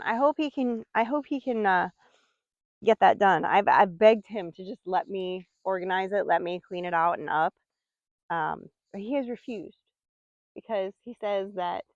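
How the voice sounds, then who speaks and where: A woman in her forties chats to her vlog audience while doing chores outdoors on a farm. She rambles easily from one thought to the next and drops into soft cooing when she talks to her animals. The sound is close and dry, a little dull, and her voice sits at an ordinary middle pitch. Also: dry recording. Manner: rambling, chatty, coos softly to her animals. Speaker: vlogger. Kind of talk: casual chat.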